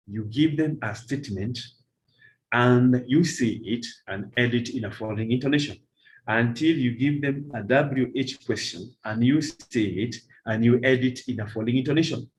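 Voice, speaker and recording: A middle-aged man giving a workshop lecture to teachers, deliberate and repeating key phrases for emphasis. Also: medium pitch, poor audio. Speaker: teacher trainer.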